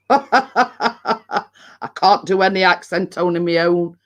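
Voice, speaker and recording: A woman's voice: lowish voice, takes it slowly. A woman with a Yorkshire accent hosting a casual live stream, chatting and reading out viewer comments. She rambles a little and laughs often.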